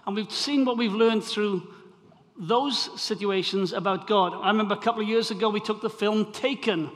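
A man's voice: high-pitched, normal speed. A Welsh man preaching to a congregation, chatty and prone to restarting his phrases before reading scripture aloud. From Wales. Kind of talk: sermon introduction and scripture reading. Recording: long hall reverb.

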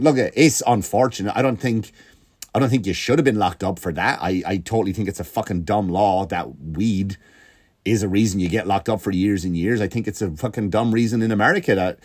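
A man doing a profane comedic rant, jumping up and down in pitch. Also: no echo. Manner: profane, animated, swinging pitch.

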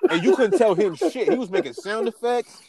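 Male podcast co-host, animated storyteller, profane slang, acts out voices; pitch on the higher side. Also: a little fast, crowd noise. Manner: animated, profane, laughs often, acts out quotes. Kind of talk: casual storytelling chat.

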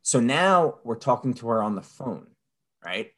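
A man co-hosting a podcast, telling a story with lively asides and mocking impressions of people. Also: measured pace. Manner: animated storyteller, mimics people in high voices. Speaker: podcast co-host. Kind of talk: casual chat.

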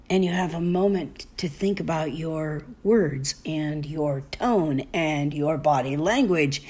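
A middle-aged woman hosting a parenting advice talk, speaking softly and slowly, often dropping to a whisper. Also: sits low, slightly rough. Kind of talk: gentle spoken advice monologue.

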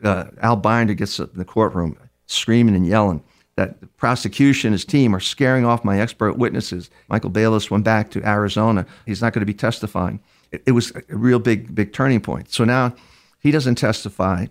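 A man's voice: fairly low pitch, moderate pace. An older man, a criminal profiler, telling long anecdotes in an interview, with frequent restarts. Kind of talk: interview storytelling.

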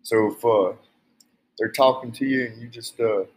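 Husky man. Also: medium pitch, steady tone, moderate pace, rough recording. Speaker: co-host. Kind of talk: casual chat.

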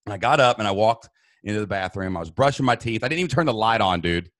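An animated man in his thirties, telling a personal story with lively swings in pitch. His voice sits close and dry, with no room sound. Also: fast talker, no room sound. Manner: animated, says "dude" and "man". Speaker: guest. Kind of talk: emotional storytelling.

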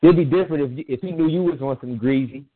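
A man's voice: fairly high pitch, quick pace. A man in casual chat, telling a personal story in a rambling, emphatic way with frequent restarts. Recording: tinny phone-line sound.

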